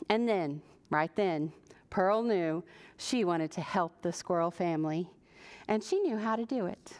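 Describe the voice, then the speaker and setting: At preschool story time, a female librarian with a slightly high voice reads a picture book aloud. She's animated and keeps asking the children questions.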